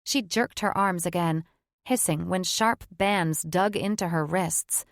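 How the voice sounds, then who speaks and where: A woman reading a fantasy audiobook in scripted narration, measured and even. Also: lowish voice, dry recording, clean studio sound.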